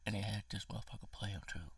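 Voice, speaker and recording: A man's voice: fairly low pitch, fairly even intonation, rapid-fire, slightly rough, dry recording, distant mic. A man giving a casual spoken movie review, ranting with emotion and profanity, sometimes dropping to a whisper.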